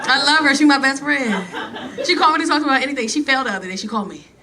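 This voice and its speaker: A woman's voice: high voice, very fast. A woman doing a brash, profane stand-up routine on a club stage. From New York, South Bronx. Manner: brash, profane, acts out characters. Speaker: stand-up comedian. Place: comedy club stage, laughing audience. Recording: live club recording with crowd noise.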